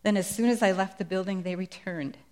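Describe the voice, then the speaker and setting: A woman's voice: medium pitch, brisk, a little mellow. A middle-aged woman sharing a Christian testimony in a sermon, speaking with earnest, emphatic conviction. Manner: earnest, emphatic preaching delivery.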